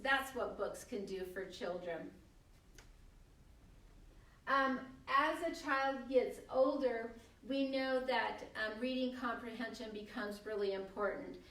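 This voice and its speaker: A woman's voice: on the high side, a bit bright, recorded from a distance. Older woman, echoey encouraging presenter. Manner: friendly and encouraging, with frequent ums. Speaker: early literacy presenter. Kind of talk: talk to parents on shared reading. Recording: echoey room, away from the mic.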